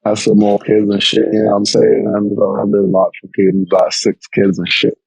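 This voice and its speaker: A man's voice: on the low side, flat delivery, normal speed, darkish tone, husky, no room sound, low-quality recording. A young man, co-hosting a podcast over a remote call, telling stories in a laid-back, slangy way. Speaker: podcast co-host. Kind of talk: casual chat.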